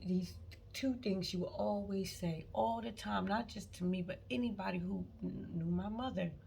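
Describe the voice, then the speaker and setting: A woman's voice: medium pitch, fairly even intonation, normal speed, vocal fry, darkish tone, slight background noise. A woman vlogger talking about faith to her viewers, emphatic and repeating herself, breaking into prayer as she goes. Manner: emphatic, repeats words, prays aloud mid-talk. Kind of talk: spontaneous faith talk to viewers. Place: on vacation.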